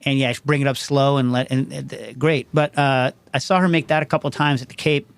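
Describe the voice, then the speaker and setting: A man's voice: medium pitch, fairly even intonation, a little fast, gravelly, smooth, dry recording. A man hosting a casual call-in show, rambling and digressive, constantly asking "you know what I mean" as he talks. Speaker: show host.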